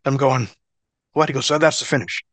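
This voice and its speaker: With no room sound and a medium pitch, this ex-wrestler in middle age talks a little fast through casual interview stories. He swears a lot, laughs between bits, and tells his tales with animation.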